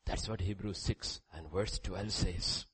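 A man preaching a sermon, reading scripture aloud, with sudden loud rises and quiet drops. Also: sits low, fairly even intonation, measured pace, slightly rough, poor audio. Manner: reads scripture aloud with emphasis.

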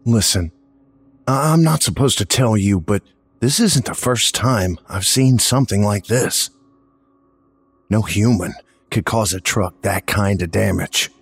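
A man voicing a nervous male paramedic who talks in a hushed, confiding way. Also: fairly low pitch, expressive, unhurried, gravelly, slightly rough, no room sound, exaggerated voice.

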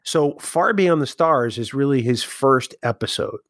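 A male podcast co-host in friendly, teasing chat, stumbling over small fillers now and then. His pitch sits in an ordinary middle range. The sound is close and dry, with no echo. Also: animated, unhurried, fairly bright tone.

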